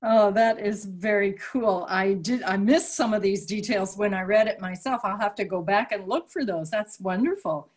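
A woman's voice: medium pitch, moderate pace, hardly any pauses. Female interviewer, eager and admiring, casual conversational delivery. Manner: enthusiastic, asks questions, admiring.

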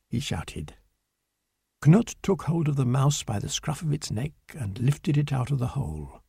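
A man reading a children's storybook aloud in a slow, clear, deliberate manner. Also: mid-range voice, sing-song, dark tone, dry recording, clean studio sound. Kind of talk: storybook narration.

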